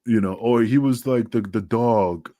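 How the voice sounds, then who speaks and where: A middle-aged man and former pro wrestler, guesting on a podcast and telling rambling, profane stories, loudly acting out the voices of the people he quotes. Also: medium pitch, unhurried, no echo, clean studio sound. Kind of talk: casual storytelling on a podcast.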